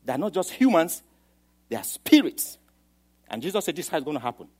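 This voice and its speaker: A man's voice: on the high side, big pitch swings, fast talker. Dramatic preacher man, rising voice. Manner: dramatic, swings from soft to loud, acts out quoted voices. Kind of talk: sermon.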